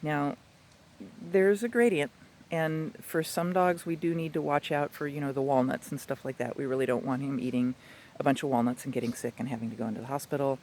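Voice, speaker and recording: A man working as a dog trainer, giving an instructional talk in a chatty, animated way with playful asides. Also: medium pitch, a little fast, slight background noise.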